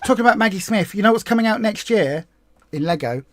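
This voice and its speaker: Chatty woman on a livestream. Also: mid-range voice. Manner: chatty, excitable, quick asides. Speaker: co-host of a weight loss livestream. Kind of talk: casual livestream chat.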